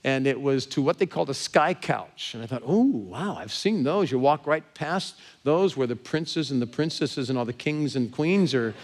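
A man with an American accent, a pastor telling a personal story from the pulpit in an animated way. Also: mid-range voice, moderate pace, hardly any pauses. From Southern California. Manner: animated, grows excited and laughing as story builds. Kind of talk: sermon storytelling.

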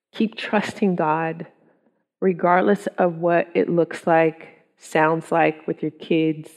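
A middle-aged woman shares her testimony with a women's group. She speaks slowly and earnestly in a fairly low voice, chatty, with ums and quoted thoughts. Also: a little mellow.

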